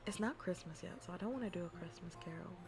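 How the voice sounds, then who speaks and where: A woman streamer chatting casually and playfully with her viewers, often dropping into a soft whisper. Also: fairly low pitch, fast, creaky, music in the background.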